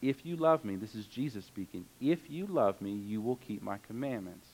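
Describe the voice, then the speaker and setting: A man's voice: on the low side, lively intonation, moderate pace, darkish tone, poor audio. A man preaching a sermon, earnest and conversational, reading scripture aloud and adding casual asides. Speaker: pastor.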